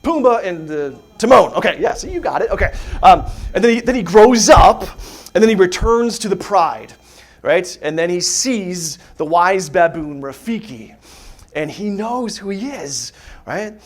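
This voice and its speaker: A man's voice: sits high, expressive, measured pace. Chatty man teaching a parish group. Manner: conversational, rhetorical questions, frequent "right?". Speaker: catechist teaching parents. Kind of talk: live faith talk to a parent group. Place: parish hall dinner gathering.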